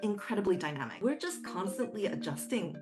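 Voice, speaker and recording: A woman's voice: mid-range voice, big pitch swings, a little fast, over music. A woman linguist from the United States explaining ideas in a thoughtful way during an interview.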